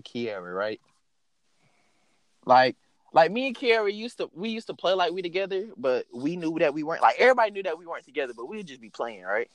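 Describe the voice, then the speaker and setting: A young man telling a story in a casual, animated way, swearing freely and filling his speech with "like". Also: high voice, dry recording. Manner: animated, profane, lots of fillers.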